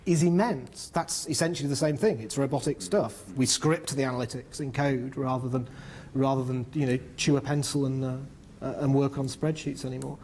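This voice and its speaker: Middle-aged guy from the north of england, mid-pitch voice, lots of ums, talking at a panel. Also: darkish tone, husky. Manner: fluent, with many ums and restarts. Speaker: panel speaker on business and infrastructure. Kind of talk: explaining at a public discussion.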